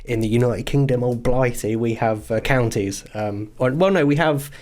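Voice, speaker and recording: A man's voice: mid-range voice, moderate pace, a little mellow. A man with an East Midlands English accent, chatting as a podcast guest in a laid-back way, laughing often and letting sentences trail off. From England. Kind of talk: casual chat.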